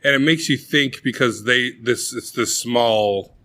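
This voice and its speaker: A young man co-hosting a podcast, casually and profanely retelling a movie with lively acted-out quotes. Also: medium pitch, unhurried. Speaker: podcast co-host. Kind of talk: casual chat.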